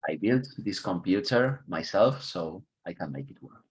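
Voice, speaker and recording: A man's voice: low voice, lively intonation, normal speed, husky. A man teaching an online English class, chatty and upbeat, chuckling often and leaning on key words. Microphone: computer mic on a video call.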